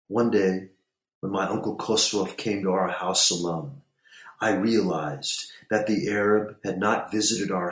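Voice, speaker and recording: A man narrating a story in a measured, unhurried reading. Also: low voice, a bit bright, echoey room.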